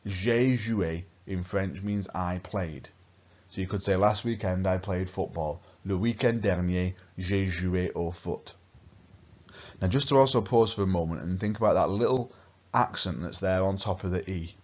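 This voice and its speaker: A man teaches a recorded lesson, patiently repeating his key points. His voice sits very low. The recording sounds dull and lo-fi. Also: a little slow, darkish tone. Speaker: language teacher.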